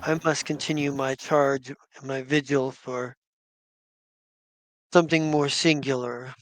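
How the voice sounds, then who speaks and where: A man's voice: mid-range voice, fairly even intonation, close to an everyday voice. A man voicing a solemn female guardian. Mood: grave. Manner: measured, grave pronouncements. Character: solemn female guardian giving grave advice. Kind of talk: tabletop role-play voicing.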